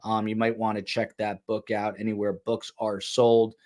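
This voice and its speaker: A man hosts a true crime podcast in a chatty, self-deprecating way, reading out viewer comments as he goes. His fairly low voice is monotone and darkish, at a moderate pace.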